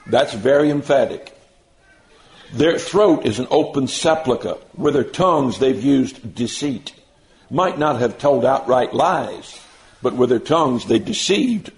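A man preaching a sermon, stressing key words slowly and mixing in folksy everyday examples. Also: mid-range voice, a little hiss or hum, rough recording.

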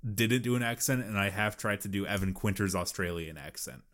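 A man's voice: lowish voice, a little fast, fairly bright tone. A man co-hosting a podcast in casual chat, easygoing and dry, laughing a lot. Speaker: podcast co-host.

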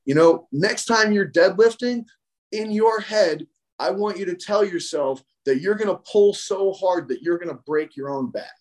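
Coach guy on a podcast, kinda high voice, talks blunt and casual, says "like" a lot, repeats stuff to hammer it home. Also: normal speed. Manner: animated and blunt, repeats phrases for emphasis, peppered with "like". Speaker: strength coach and podcast guest. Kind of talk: casual conversational explanation.

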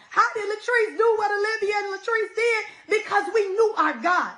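A woman's voice: very high voice, normal speed, few pauses, fairly bright tone, poor audio. A middle-aged woman preaching a sermon with feeling, often calling her listeners y'all.

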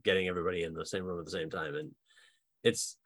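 A deep male voice with no echo belongs to a dungeon master co-hosting a podcast. He talks casually and with energy about building game characters, laughing often and acting out quick lines as ideas come.

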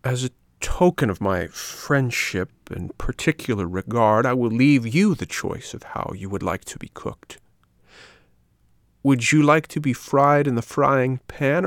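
A man's voice: mid-range voice, expressive, gravelly, no echo, studio quality, pitched above the performer's own voice. Man voicing a gloating green ogre fisherman. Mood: mock courteous. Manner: slow, drawn-out, gloating and relishing. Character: huge green lizard-like male ogre fisherman, greedy.

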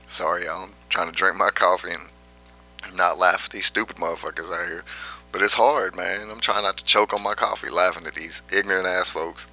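A man rants on his vlog in a brash, profane way, laughing at his own jabs. His lowish voice has a sharp, tense edge. Faint music plays behind him. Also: moderate pace. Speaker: vlogger. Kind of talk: profane rant commentary.

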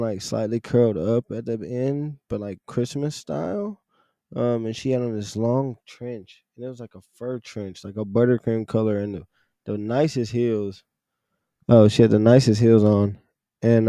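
A young man casually telling a story from his retail job, animated and profane, often laughing and acting out the people he quotes. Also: mid-range voice, smooth, no echo. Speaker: podcast host telling a story.

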